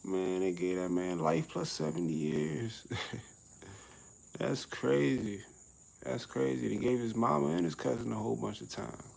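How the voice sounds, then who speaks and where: A man's voice: medium pitch, brisk, gravelly, hardly any pauses, rough recording. A middle-aged man vlogging outdoors on a summer evening, talking in a laid-back, slangy way and laughing often. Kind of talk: casual outdoor vlog rant.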